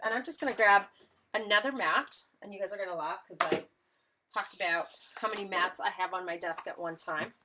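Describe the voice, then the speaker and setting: A woman's voice: mid-range voice, noisy background. A woman instructor chatting to viewers while she demonstrates a live craft project, joking about herself as she works. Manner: chatty, self-deprecating, talks to viewers while working.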